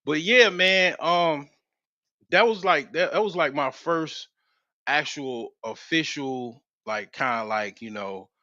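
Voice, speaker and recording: A man's voice: on the high side, takes it slowly, bright, forceful tone, dry recording. A man in his forties telling a rambling, slangy story on a livestream, full of restarts and profanity. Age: 40s. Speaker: livestream host. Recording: slightly dull, dry lo-fi mic.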